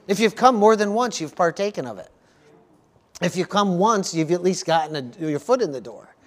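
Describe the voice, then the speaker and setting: A man's voice: high voice, lively intonation, moderate pace. A male pastor preaching a sermon at a church service, earnest and repetitive, often stopping to ask the congregation for an amen. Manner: earnest preaching, frequent call-outs for "amen", repeats words.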